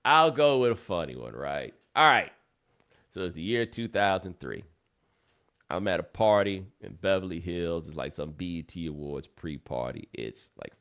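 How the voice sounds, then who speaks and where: A man's voice: very deep voice, vocal fry. A man in his forties hosting a podcast, telling stories in loose, colloquial chat. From United States. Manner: loose, colloquial, animated storyteller. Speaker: podcast host. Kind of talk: casual storytelling chat.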